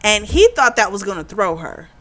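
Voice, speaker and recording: A woman giving a casual spoken book review, retelling the plot in a chatty, animated way. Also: medium pitch, normal speed.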